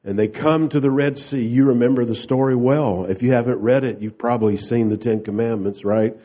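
A man's voice: mid-range voice, brisk, dark tone. A man preaching a sermon, speaking emphatically and asking the congregation rhetorical questions. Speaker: pastor.

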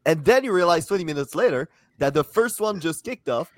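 A man's voice: a little high, animated, brisk, dry recording, studio quality. A man joking and explaining things in casual podcast chat. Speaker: podcast co-host.

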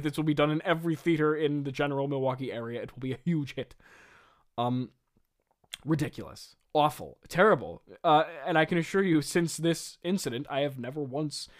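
Guy roasting his own old play, laughing, fairly high voice. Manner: mocking, laughing asides, lively pitch swings. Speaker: host. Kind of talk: comedic retelling of an old script.

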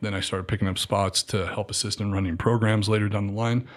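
A man in his thirties telling animated stories as a guest, acting out quotes and saying "dude" a lot. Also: on the low side, a little fast. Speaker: guest, former military contractor. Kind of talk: casual storytelling.

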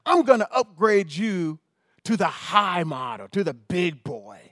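A man's voice: high-pitched, very animated, a little slow, fairly bright tone, no echo, studio quality, pitched below the performer's own voice, full character voice. A man voicing a friendly male equipment dealer who talks in an obliging drawl.

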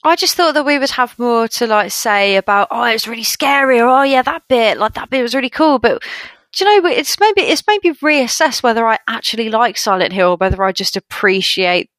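A woman co-hosting a podcast, chatting about a film in an animated way, full of fillers like "you know" and "like". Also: a little high, fairly quick, few pauses, no echo. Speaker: podcast co-host. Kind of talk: casual film discussion.

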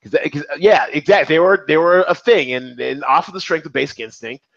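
Chatty guy host, swears a lot, slightly high voice, muffled dry mic. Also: fast talker, vocal fry, no room sound. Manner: animated, profane, rambling with restarts. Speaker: podcast host. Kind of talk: casual movie chat.

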